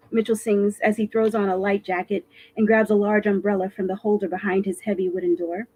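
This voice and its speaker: A woman author reading her own fiction aloud in an expressive, animated storytelling voice for a virtual live stream. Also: medium pitch, husky, low-quality recording.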